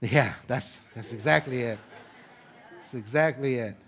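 A man's voice: medium pitch, unhurried, fairly bright tone, husky, a faint crowd. A male pastor preaching to his congregation in a conversational way, with rhetorical questions and light humor. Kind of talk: sermon. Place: church sanctuary with congregation.

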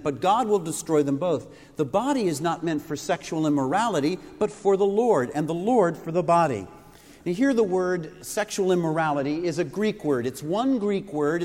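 A man's voice: sits high, darkish tone. A male pastor preaching a sermon, teaching with rhetorical questions. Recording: reverberant hall recording.

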